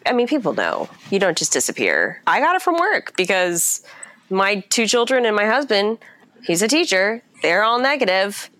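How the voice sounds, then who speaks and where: A woman's voice: mid-range voice, sing-song, normal speed, fairly bright tone. A woman in her thirties, a teacher, venting with lots of swearing on a casual podcast while she is sick and exhausted. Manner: profane, angry venting.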